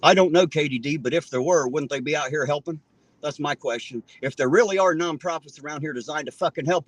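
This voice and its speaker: A man's voice: fairly high pitch, fast talker, dry recording. An angry man, ranting with a stream of curses while hosting a livestream from a car on his phone. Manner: loud, cursing, indignant. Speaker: livestream host. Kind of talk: angry profane livestream rant.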